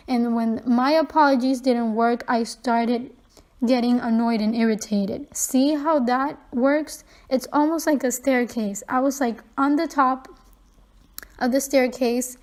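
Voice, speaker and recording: A woman's voice: on the high side, a little mellow. A young woman vlogging, candidly retelling a personal story in a conversational way with frequent fillers and restarts.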